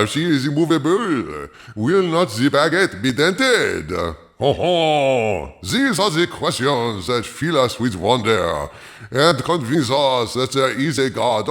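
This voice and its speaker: A man's voice: medium pitch, a bit bright, exaggerated voice. A man hosting in character as a pompous French film critic, speaking with an exaggerated fake French accent in a comic monologue. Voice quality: over-the-top accent, drawn-out delivery, chuckling asides. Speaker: host.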